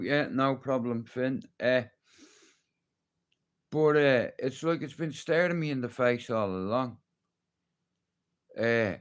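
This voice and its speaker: An Irish man talks loosely to his livestream audience, his voice sitting at an ordinary middle pitch. He rambles from one thing to the next, swearing constantly and joking as he goes. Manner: rambling, heavy swearing, jokey. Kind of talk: casual live-stream chat.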